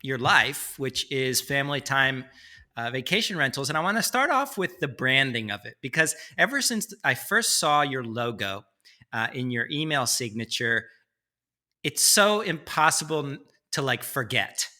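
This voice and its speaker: A man's voice: mid-range voice, big pitch swings, pushed and bright. A man hosting a podcast, interviewing a guest with enthusiasm and reading a sponsor message. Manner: enthusiastic, quick to laugh along. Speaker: podcast host. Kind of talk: interview and read ad.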